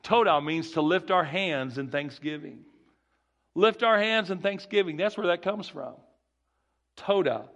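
Gravelly Southern country preacher. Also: male voice, sits high, measured pace, fairly bright tone, dull audio. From rural Texas. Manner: folksy, repeats key phrases, restarts often. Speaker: guest preacher. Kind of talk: sermon.

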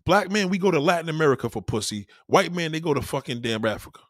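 Loud rowdy stand-up guy on a club stage, husky voice, bouncing all over in pitch. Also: quick pace, no room sound, studio quality. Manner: profane, animated, acts out quoted voices. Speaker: stand-up comedian. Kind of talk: stand-up comedy routine.

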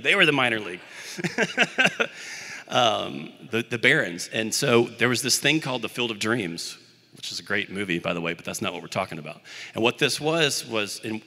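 Bright-voiced man preaching in a hall. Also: on the low side. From Birmingham, Alabama area. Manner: conversational, self-deprecating storytelling. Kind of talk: sermon.

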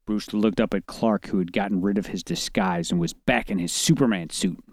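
A man's voice: moderate pace, no room sound, clean studio sound. A man co-hosting a comedy podcast, reading fan fiction aloud and breaking into laughter, trying silly character voices. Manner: laughs often, breaks into high giggles, tries character voices.

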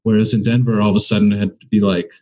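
A man's voice: fairly low pitch, flat delivery, very fast, darkish tone, lo-fi sound. A man who does stand-up comedy, talking as a guest in a casual conversation and thinking aloud with many restarts.

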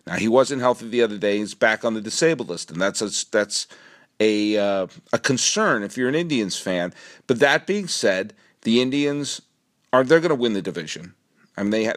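A middle-aged man with a New England accent hosting a solo sports podcast, rambling and animated, swinging from low asides to excited outbursts. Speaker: podcast host.

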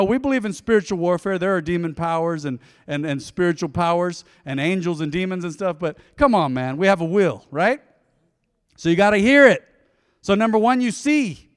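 A middle-aged pastor preaches a sermon in a church sanctuary, folksy and full of stories, acting out the voices he quotes. His voice is high and smooth, and the recording has a long hall reverb.

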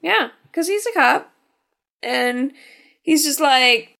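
A woman with a bright, fairly high voice co-hosts a casual movie podcast. She retells the plot playfully, acting out the characters' lines as she goes. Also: animated, unhurried, gravelly. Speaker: podcast co-host. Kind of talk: casual movie recap chat.

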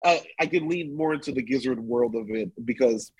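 A man's voice: medium pitch, brisk, husky, dry recording, low-quality recording. A man co-hosting a podcast, chatting about music in a laid-back, agreeable, slangy way. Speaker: podcast co-host. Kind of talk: casual music review chat.

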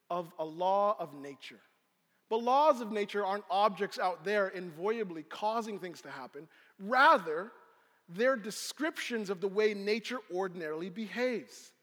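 A man preaching a sermon as pastor, telling a scene with lively storytelling and acting it out. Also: high voice. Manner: animated storyteller, acts out scenes. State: out of breath. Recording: long hall reverb.

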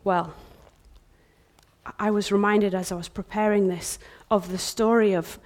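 A woman in her thirties preaching a sermon in a church, impassioned, swinging from loud outbursts to hushed whispers. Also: mid-range voice, steady tone, a little slow.

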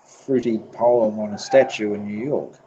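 A man from New Zealand with a New Zealand accent talks in a loose, laughing way, cursing and restarting his sentences as he goes. His voice sits fairly low. The recording is dull and lo-fi, with a faint hiss of noise underneath. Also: steady tone, mellow. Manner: laughs often, swears freely, halting restarts. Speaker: podcast guest. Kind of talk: casual podcast chat.

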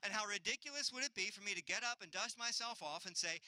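Bright, crisp-voiced man preaching. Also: high voice, fast, hardly any pauses, no room sound, rough recording. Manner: earnest, builds with repetition, acts out voices. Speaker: pastor. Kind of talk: sermon.

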